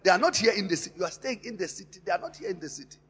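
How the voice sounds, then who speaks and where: A husky-voiced male preacher with a high, lively pitch that climbs and dips all over. He delivers an impassioned sermon, repeating phrases for emphasis and swinging from hushed to loud. His voice rings with long reverb in a church hall. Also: rapid-fire. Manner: impassioned preaching with sharp rises and drops in loudness. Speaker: pastor.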